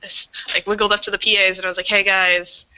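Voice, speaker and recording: A woman's voice: medium pitch, flat delivery, quick pace, sharp tone, highs cut off. A woman telling a story in a casual podcast chat, full of "like" and quoted speech. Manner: chatty storyteller, many "like"s, quotes others. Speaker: volunteer guardian recounting a story.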